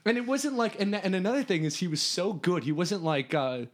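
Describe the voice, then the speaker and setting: A man from Hungary, a podcast guest, telling a story in an animated, rambling way with lots of restarts. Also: high-pitched, fairly quick. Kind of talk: casual storytelling.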